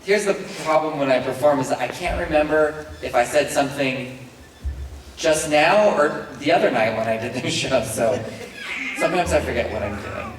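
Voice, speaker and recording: A man's voice: a little high, normal speed. Rambling man on a panel, echoey hall. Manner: rambling, self-deprecating, chuckling as he talks. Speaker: actor answering fan questions on a panel. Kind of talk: convention panel Q&A. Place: large convention hall. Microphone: handheld mic, heard from a distance. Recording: echoey hall from far off, noisy.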